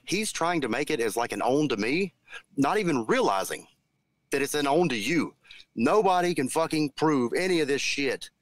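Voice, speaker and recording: Combative, lively-voiced man arguing with callers. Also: on the high side, normal speed, dry recording. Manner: combative, swearing, sarcastic. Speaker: regular guest arguing with callers. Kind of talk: heated call-in debate.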